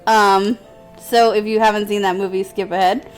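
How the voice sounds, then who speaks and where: A woman co-hosts a casual let's play gaming chat in a medium-pitched, steady voice at normal speed, with soft music behind her. She rambles through a story and laughs often.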